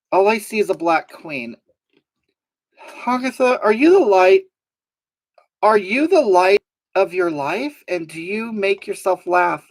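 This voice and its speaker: Woman, live-stream host, sassy drawl, mock-sincere, lively swooping pitch, mid-range voice. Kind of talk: reading viewer comments on a live stream.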